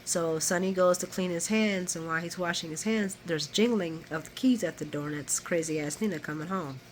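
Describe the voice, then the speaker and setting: A woman vlogger giving a chatty, animated recap of a soap opera episode. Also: on the low side, brisk, a little hiss or hum.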